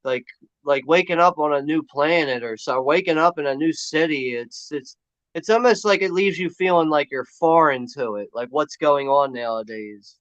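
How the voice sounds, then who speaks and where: A man's voice: fairly high pitch, normal speed, a bit bright, no echo. Laid-back guy saying "like" a lot. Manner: laid-back, heavy use of "like", laughs easily. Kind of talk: casual movie commentary. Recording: dry dull lo-fi sound.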